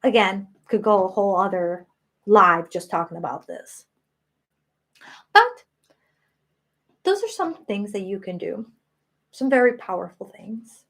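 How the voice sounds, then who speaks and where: A woman's voice: medium pitch, animated, a little slow, long pauses. A woman in her late thirties hosting a live stream, talking earnestly and emotionally about self-worth. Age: 30s. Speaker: spiritual channel host.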